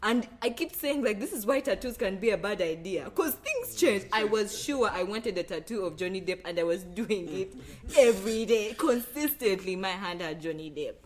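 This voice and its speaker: Expressive woman podcast co-host. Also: mid-range voice, normal speed, hardly any pauses. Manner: expressive, playful confessional tone. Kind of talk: casual movie chat.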